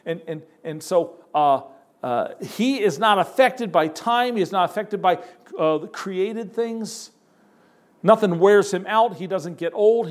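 A man preaching a sermon, emphatic and folksy, pausing and repeating words as he builds a point. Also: high-pitched. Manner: folksy, addresses listeners as folks.

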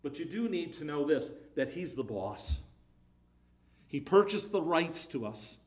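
A man's voice: a little high, big pitch swings, measured pace. A man preaching a sermon, emphatic, his voice rising and falling in volume, often repeating words.

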